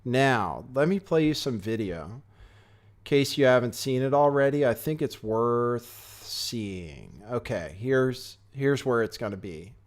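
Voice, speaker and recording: A man's voice: mid-range voice, expressive, a little slow. Sardonic rambling male show host. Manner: sardonic, rambling, offhand asides. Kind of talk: casual political commentary show. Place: home studio, California.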